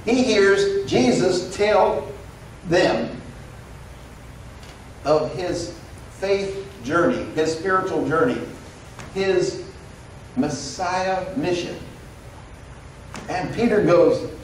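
Pastor preaching in a roomy sanctuary. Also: male voice, high-pitched, drawn-out words, long pauses, a little hiss or hum. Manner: conversational, animated storytelling with quoted dialogue. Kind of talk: sermon. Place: church sanctuary. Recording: roomy echo, recorded from a distance.

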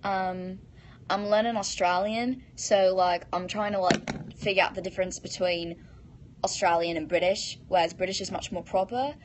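A woman's voice: on the low side, slight background noise. A teenage girl hosting a casual live stream, reading fan comments aloud and answering them in a bubbly, giggly way into a phone.

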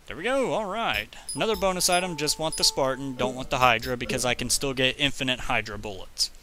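A man giving rambling, jokey gameplay commentary, talking fast when he gets excited. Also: mid-range voice. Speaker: let's play commentator.

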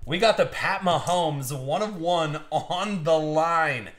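A man with a slightly high voice calls out a live card break at home, excitable and teasing, laughing often between pulls. His voice rings in a roomy, echoey space. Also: slow. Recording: roomy echo.

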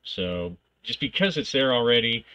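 A man's voice: mid-range voice, animated, normal speed, sharp tone, clean tone, muffled recording. A man thinking aloud as he plays a solo tabletop game, reading rules aloud and narrating the action in bursts.

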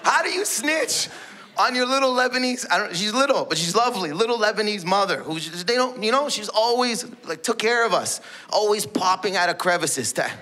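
A male stand-up comedian in his thirties rambles and cuts himself off as he tells stories. His voice sits fairly high. A clear hiss of live noise runs under the stage mic. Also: animated, brisk. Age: 30s. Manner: rambling, self-interrupting storytelling.

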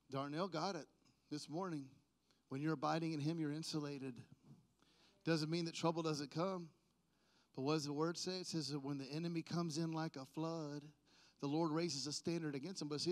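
A man with a high-pitched voice delivers a sermon. He moves between low, conversational talk and loud, stretched-out proclamations, teasing his listeners along the way. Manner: playful, jokes with the congregation. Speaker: preacher.

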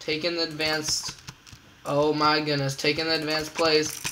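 A man casually commentating his own gameplay as host, excitable and repeating catchphrases in a singsong. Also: a little high, fairly quick, vocal fry, slight background noise, low-quality recording. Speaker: gamer host.

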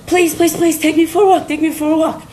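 Woman as a needy pet dog, high squeaky begging whine, keeps repeating itself. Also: level tone, fast, darkish tone, slight background noise. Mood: pleading. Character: whiny pleading pet dog begging for walks.

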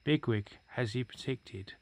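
A man's voice: medium pitch, unhurried, background noise. A man reading a storybook aloud in a casual manner, with fillers and small slips. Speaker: reader.

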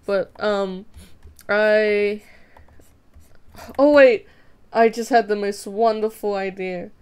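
A woman's voice: medium pitch, little pitch movement, slow pace, a little mellow, clear, resonant tone. A young woman chatting casually with viewers while drawing on a live stream, playful, giggly and self-mocking. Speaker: streamer drawing fan art.

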